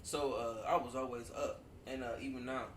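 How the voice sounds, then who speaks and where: A man casually telling childhood stories to friends, animated and profane, laughing often and saying "dude" a lot. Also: medium pitch, normal speed, recorded from a distance, slight background noise. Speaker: storyteller among friends. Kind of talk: casual chat. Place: at home with friends over wine. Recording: roomy, away from the mic.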